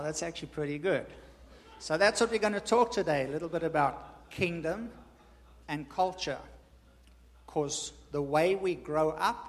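A man with a notably high voice delivers a sermon. He hammers his points home by repeating them in an emphatic teaching cadence. His voice carries a long reverb from the church hall. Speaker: preacher.

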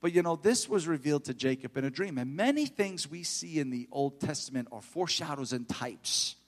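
A middle-aged man preaching a fervent sermon in church, building to loud exhortation. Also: fairly high pitch, lively intonation, a little fast, big-room sound.

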